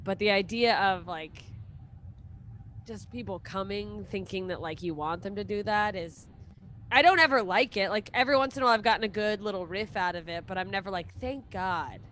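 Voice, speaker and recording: A woman's voice: medium pitch, a little fast, fairly bright tone, a little hiss or hum. A young adult woman, a touring stand-up comedian, chatting casually as a guest, laughing often, swearing and acting out quotes. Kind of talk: casual chat.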